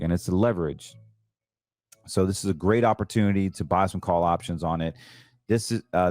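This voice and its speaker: Chatty low-voiced man talking markets. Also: a little mellow, no room sound, studio quality. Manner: chatty, emphatic, stumbles and self-corrects. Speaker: financial show host. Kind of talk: casual market commentary.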